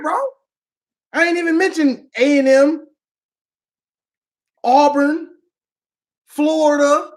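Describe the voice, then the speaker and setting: A man's voice: very high voice, takes it slowly, long pauses, a bit bright. A man answering fan questions in casual, slangy talk, trash-talking and laughing often. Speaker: online sports commentator. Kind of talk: casual live Q&A.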